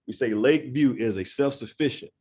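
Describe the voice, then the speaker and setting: A man's voice: medium pitch, a little fast, a little mellow, breathy edge. A man giving an earnest, conversational community presentation in a church room, often checking in with "right?". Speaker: executive director of a neighborhood nonprofit.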